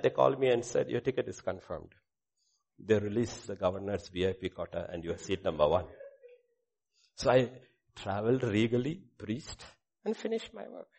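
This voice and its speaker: A middle-aged male pastor preaching a sermon with a personal testimony, swinging between loud proclamation and hushed asides. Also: medium pitch, animated, moderate pace, gravelly.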